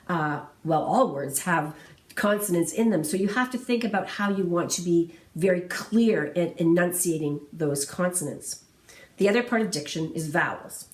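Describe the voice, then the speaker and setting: A woman giving a singing lesson, explaining diction, phrasing and breathing in a clear, encouraging, methodical way. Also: mid-range voice, darkish tone. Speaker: vocal music instructor. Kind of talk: instructional talk to singers. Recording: roomy sound from a distance.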